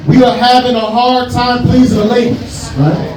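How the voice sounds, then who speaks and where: A man performs stand-up in a big, echoey club room, his voice brash, loud and very high. He laughs through his punchlines while a loud crowd roars around him, and the mic sounds far away. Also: flat delivery, normal speed, background noise. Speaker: headlining stand-up comedian. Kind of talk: stand-up comedy set.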